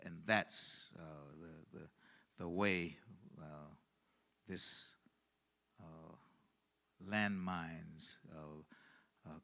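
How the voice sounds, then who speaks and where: A man leading a Bible study as pastor, halting with fillers and restarts, then swelling into emphasis. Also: low voice, gravelly, fairly bright tone.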